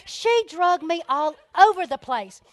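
Animated woman storyteller, high voice. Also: a little slow, background noise. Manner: animated, laughing storyteller with sudden soft asides. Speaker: speaker at a women's ministry event. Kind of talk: storytelling talk to a church audience.

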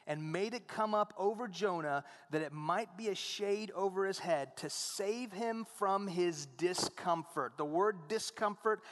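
A man's voice: sits high, fairly bright tone, long reverb tail. A man preaching a conversational sermon, often asking his congregation "right?". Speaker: pastor.

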